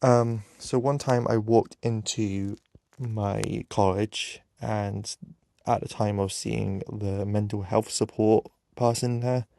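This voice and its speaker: A young man tells a personal story in a casual storytime video. His voice sits low with a gravelly, creaky edge and sounds close and dry. He talks bluntly, swears freely, and halts on fillers and restarts. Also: steady tone, takes it slowly, mellow, no echo. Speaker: vlogger.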